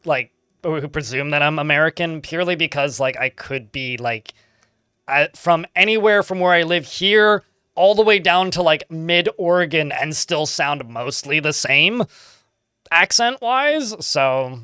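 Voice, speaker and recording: A man's voice: on the high side, animated, measured pace, sharp tone, clear, resonant tone, no room sound, studio quality. A man chatting casually while livestreaming a game, rambling with lots of filler words. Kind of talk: casual live gameplay chat.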